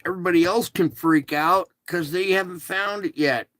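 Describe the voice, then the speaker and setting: A man hosting a casual spiritual show, talking in a slow, soothing, repetitive way to reassure his listeners. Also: high voice, a bit bright, dry recording. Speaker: show host. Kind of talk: casual spiritual livestream talk.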